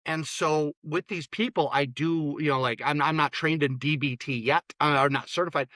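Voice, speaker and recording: A man's voice: a little high, steady tone, normal speed, a bit bright, no room sound. A man, a therapist and interview guest, talking bluntly and opinionatedly, often restarting his words. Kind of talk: casual interview talk.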